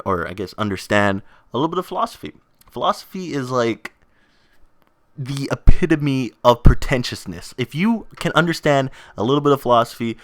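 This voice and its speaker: A man's voice: fairly low pitch, a bit bright, no room sound. A young man hosting a gaming video in casual, rambling vlog chat, self-mocking and often laughing.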